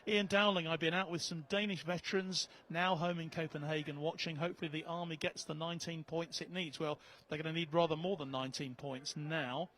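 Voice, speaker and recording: A man does lead commentary on a live match, moving from even reading of viewer messages to lifted calls on scores. His voice is bright and a touch high. Faint ambient noise sits behind him. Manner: measured, reading viewer messages, rising on big plays.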